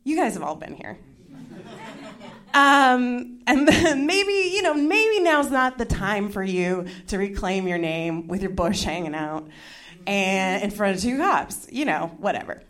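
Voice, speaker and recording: A young woman telling a self-mocking story in a stand-up comedy set, with quick asides to the crowd. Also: mid-range voice, big pitch swings, a bit bright.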